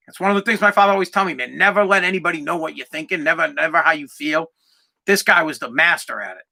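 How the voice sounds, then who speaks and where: A man's voice: sits high, sharp tone. A man in his forties hosting a solo podcast, talking in an emphatic, profane, fired-up way. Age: 40s. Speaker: podcast host.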